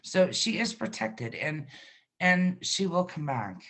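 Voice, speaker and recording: A middle-aged woman gives an intuitive card reading in a casual, reassuring way, laughing often and using plenty of fillers. Her fairly low voice is sing-song, slow and a bit bright.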